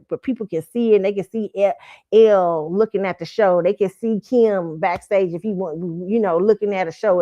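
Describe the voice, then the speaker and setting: Blunt, profane woman ranting. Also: medium pitch. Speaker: show host. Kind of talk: ranting opinion commentary. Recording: slightly dull lo-fi audio.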